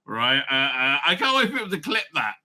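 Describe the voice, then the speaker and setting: Guy ranting on his own channel, high voice, swings up and down a lot, keeps laughing. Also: bright, forceful tone. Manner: loose and rambling, laughs often, profane. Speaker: online show host. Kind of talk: casual ranting commentary.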